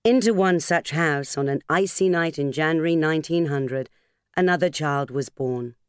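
A woman reading an audiobook in a measured, expressive narration, recorded on a studio microphone. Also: low voice, smooth, dry recording. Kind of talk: scripted narration.

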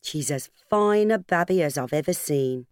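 A woman's voice: sits low, animated, moderate pace, a little mellow, no room sound, studio quality. A woman voicing a blunt, plain-spoken working-class landlady in an audiobook. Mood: brisk. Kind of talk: audiobook character voice.

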